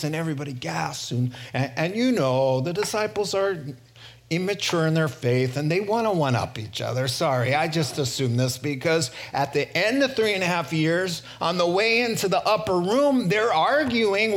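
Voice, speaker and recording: A male pastor preaching a sermon, a lively storyteller who often chuckles and swings between quick asides and slow, weighty phrases. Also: on the high side.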